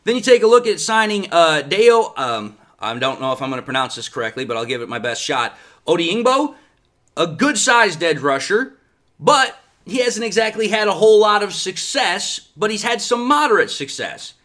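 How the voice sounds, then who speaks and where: Animated, bright-voiced sports talk man. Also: high voice, moderate pace. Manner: sarcastic, animated, rhetorical questions. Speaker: sports podcast host. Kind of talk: opinionated sports commentary.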